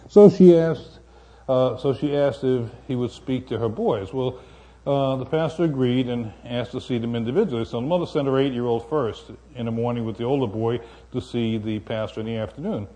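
An older man as a guest preacher, delivering a sermon in a folksy, unhurried way, telling stories with many pauses. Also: medium pitch, warm tone.

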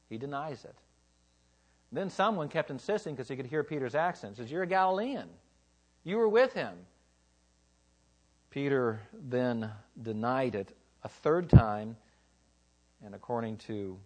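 A man preaching a sermon, telling a scripture story with animated rises for quoted lines and low, quiet drops for somber moments.

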